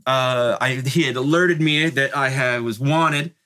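A man's voice: mid-range voice, unhurried, bright, forceful tone. A middle-aged man from Northern California, an interview guest telling a long casual story in profane street slang, peppered with "like" and "right?". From North Bay, California.

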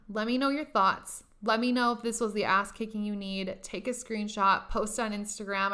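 Podcast host, young woman, bright tone, emphatic and profane, casual motivational delivery. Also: medium pitch. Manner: profane, emphatic, laughs often.

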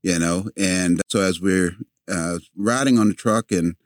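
Deep-voiced man telling a story. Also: measured pace, no room sound, studio quality. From a city, with family in the American South. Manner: animated storyteller, acts out quotes, repeats words as he goes. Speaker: guest. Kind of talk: storytelling in a conversation.

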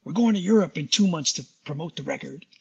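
A man impersonating a loud, profane, hard-of-hearing older rock drummer who talks bluntly. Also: lively intonation, quick pace, vocal fry, slightly rough, muffled recording, full character voice. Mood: enthusiastic. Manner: booming, blunt and swearing.

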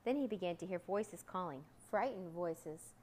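A woman reading a children's storybook aloud in a calm, steady way. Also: fairly low pitch, normal speed, slight background noise.

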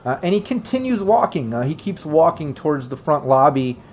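A man's voice: fairly high pitch, sing-song, fairly quick, slight background noise. A man running a tabletop role-playing game as game master, narrating casually with lots of fillers. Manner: casual, many fillers, breaks into gruff shouting voices for NPCs.

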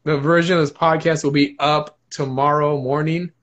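Higher-pitched young man riffing casually. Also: little pitch movement, moderate pace, a bit bright, highs cut off. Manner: loose, profane, laughing, puts on silly voices. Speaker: podcast co-host. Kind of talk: casual podcast banter.

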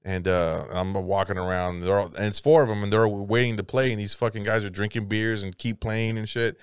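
Profane, animated storytelling man. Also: lowish voice, a little fast, smooth, no echo, clean studio sound. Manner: profane, animated, acts out voices in his stories. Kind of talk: casual comedic storytelling.

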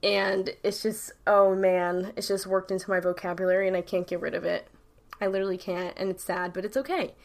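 This YouTuber is a young woman from New York whose medium-pitched voice has a slightly bright quality. She talks to camera in a relaxed, rambling way, full of slang, with a New York accent and constant "like" and "literally."

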